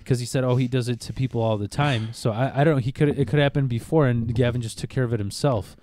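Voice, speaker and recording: Animated man telling a profane story. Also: medium pitch, fast talker. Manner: animated, profane, acts out quotes. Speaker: podcast co-host. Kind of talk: casual chat, storytelling.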